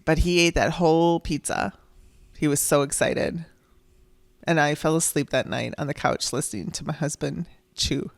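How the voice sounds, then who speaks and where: A woman's voice: low voice, moderate pace, creaky, no room sound. A middle-aged woman hosting a podcast, telling a personal story in a chatty, emotional way and laughing through tears. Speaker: podcast host.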